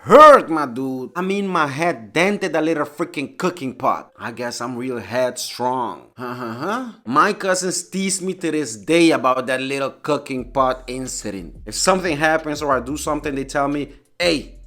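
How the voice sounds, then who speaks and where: Animated man telling a funny story. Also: mid-range voice, normal speed, hardly any pauses. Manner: animated and playful, keeps saying "my dude". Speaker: channel host telling a childhood story. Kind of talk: comedic storytelling vlog.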